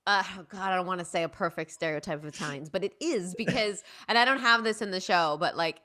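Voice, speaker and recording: A young woman chats as an interview guest, her voice bright and forward. She tells family stories with a lively, animated delivery, jumping into the voices of her relatives and laughing as she goes. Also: lowish voice, fast. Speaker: playwright and performer, guest. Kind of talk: casual interview chat.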